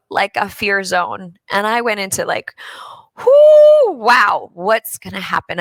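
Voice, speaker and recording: A woman's voice: fairly low pitch, sharp tone, dry recording. A middle-aged woman hosting a live online show from home, speaking openly and emotionally with many fillers before leading a guided breathing exercise. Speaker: show host and wellness coach. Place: home, in California.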